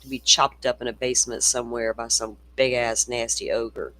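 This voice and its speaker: Guy hosting a crime stream, cussing and ranting, pretty bright tense voice. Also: mid-range voice, steady tone, normal speed. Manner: profane, ranting, reads viewer comments aloud. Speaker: true-crime livestream host. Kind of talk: casual livestream chat.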